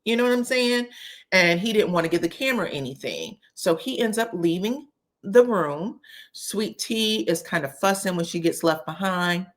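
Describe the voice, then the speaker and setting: A woman with a somewhat low-pitched voice talks through a casual recap as host. She is chatty and animated in her delivery, checking in with her listeners in quick asides. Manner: chatty and expressive, frequent "okay?" asides. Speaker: host recapping a reality show. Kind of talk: casual commentary.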